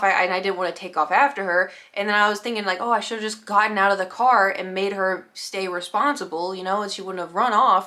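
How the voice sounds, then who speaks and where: A young woman telling a storytime vlog, animated, acting out other people's lines in quick quoted voices. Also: mid-range voice. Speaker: vlogger. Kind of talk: casual storytime.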